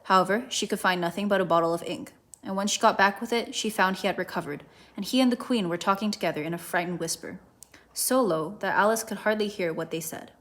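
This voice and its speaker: A woman reads a children's classic aloud, with gentle, even storytelling. Her voice sits at a middle pitch for a woman, neither high nor low. She narrates at a calm pace. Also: quick pace. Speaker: volunteer reader. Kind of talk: reading a children's book aloud.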